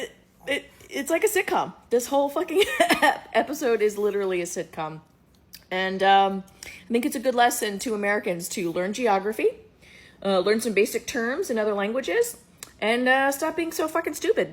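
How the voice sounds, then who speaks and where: A woman's voice: mid-range voice, fairly bright tone. A woman ranting in a casual reaction video, exasperated and sarcastic, swearing freely. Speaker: commentator.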